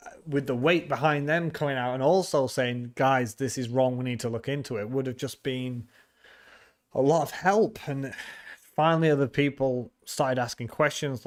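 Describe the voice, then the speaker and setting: Casual male streamer, mid-range voice, banters with chat and restarts his sentences. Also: medium pitch. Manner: chatty, teasing, laughs often, frequent restarts. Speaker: livestream host. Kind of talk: casual livestream chat reading viewer comments.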